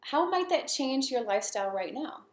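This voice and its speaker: A woman coach giving a casual motivational talk, telling stories and asking many questions in a lively way. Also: high-pitched, moderate pace, reverberant. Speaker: network marketing coach.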